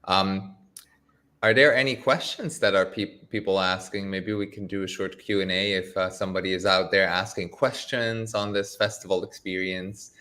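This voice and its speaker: A man co-hosting a casual livestream chat over a video call, gentle and conversational. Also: low-pitched, fairly even intonation, normal speed.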